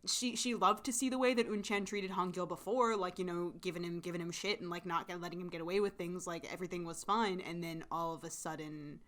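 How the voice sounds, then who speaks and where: A woman's voice: lowish voice, fairly even intonation, fairly quick, hardly any pauses, a bit bright. A woman co-hosting a podcast, talking through a drama in casual, emphatic chat full of fillers. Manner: chatty, many fillers, emphatic. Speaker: podcast co-host.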